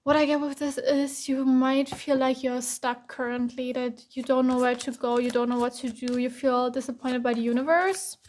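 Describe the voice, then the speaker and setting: A woman's voice: sits high, little pitch movement, moderate pace, hardly any pauses, darkish tone, slight background noise. A young woman from Germany with a German accent, giving a casual, chatty tarot reading and filling her talk with "like" and "um". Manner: casual, chatty, heavy use of "like" and "um". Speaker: tarot reader. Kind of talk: pick-a-card tarot reading.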